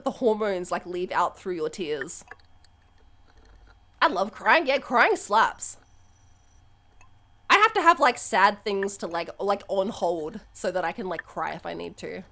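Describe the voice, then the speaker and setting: A young adult woman streaming live, chatting openly and swearing freely. Her pitch swings widely, and she often breaks into loud, high laughter between thoughts. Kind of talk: casual live-stream chat.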